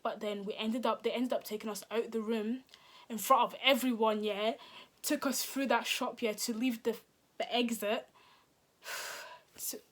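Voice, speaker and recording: Young girl doing a storytime vlog, animated, whispers bits, acts out everyone. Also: a little high, unhurried. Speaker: vlogger. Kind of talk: casual storytime.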